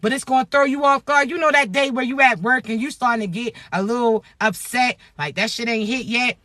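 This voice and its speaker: High, bright-voiced Floridian woman preaching. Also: a little fast, dry recording, studio quality. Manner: animated, preachy and profane, slangy. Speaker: spiritual motivational speaker. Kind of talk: spiritual pep talk to viewers.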